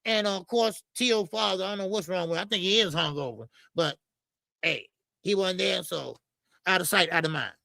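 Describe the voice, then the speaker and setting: A man hosting a live boxing talk stream, ranting in a profane, animated way and often repeating himself. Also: high voice, a little fast, vocal fry, no echo. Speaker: boxing show host.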